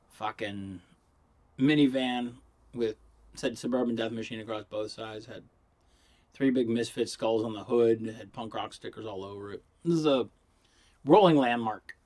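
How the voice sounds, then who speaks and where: A man who is high, telling stories in a loose, rambling vlog monologue, swearing and giggling as he goes. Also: a little mellow. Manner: profane storytelling with acted quotes. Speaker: vlogger reviewing vapes.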